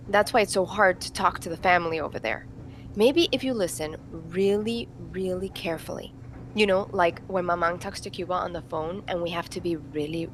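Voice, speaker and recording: A woman playing a thoughtful older sister in an audio play, softly and patiently explaining things. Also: on the low side, a little hiss or hum, close to an everyday voice.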